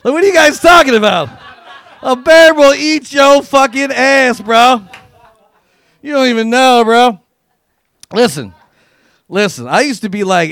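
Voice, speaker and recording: A man performing a crude, profane stand-up comedy routine, riffing and acting out quotes with loud, punchy bursts. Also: extremely high pitch, animated, measured pace, pauses often, dry recording, studio quality.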